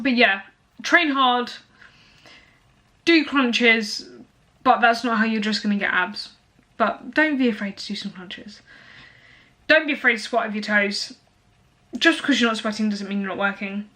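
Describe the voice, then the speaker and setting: A woman's voice: a little high, normal speed, pauses often, pushed and bright. A young woman talking casually to camera as a fitness vlogger, blunt and motivational, with lots of fillers.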